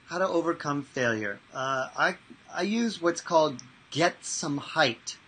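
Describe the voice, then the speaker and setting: A man who works as a mental toughness trainer, answering interview questions and telling lively anecdotes with acted-out voices. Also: fairly high pitch, unhurried, slightly rough, low-quality recording. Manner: animated, acts out voices in anecdotes.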